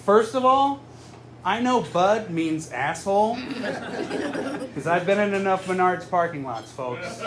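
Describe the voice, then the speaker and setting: A man in his thirties from Southern California doing a stand-up comedy set with a deadpan, self-mocking delivery. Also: a little high, unhurried, crowd noise. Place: live comedy venue with audience. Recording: noisy live room ambience. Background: audience laughter.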